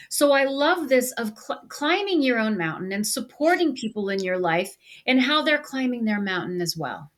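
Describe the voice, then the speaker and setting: A woman's voice: a little high, normal speed, hardly any pauses. A woman co-hosting a podcast, telling a story in casual conversation and acting out the people she quotes. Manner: animated storyteller, acts out quoted voices. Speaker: podcast co-host.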